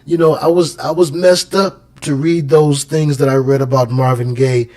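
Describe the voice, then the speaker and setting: A man's voice: a little high, fairly even intonation, normal speed, darkish tone. A man talking casually as a podcast guest, telling stories with many restarts and asides. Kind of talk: casual conversation.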